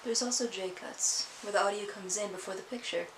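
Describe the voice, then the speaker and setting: A woman's voice: mid-range voice, steady tone, fairly quick, echoey room, poor audio. A young woman vlogging a casual editing tutorial at home, chatty and self-deprecating, filmed on a tripod camera. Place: home room.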